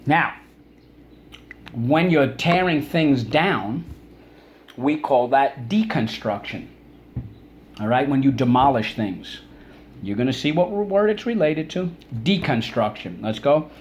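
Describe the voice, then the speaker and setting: Male teacher, mid-pitched, coaxing repeat-after-me delivery for a kids' word lesson, light background hiss. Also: lively intonation. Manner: drawn-out syllables, coaxing repetition. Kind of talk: recorded vocabulary lesson for children.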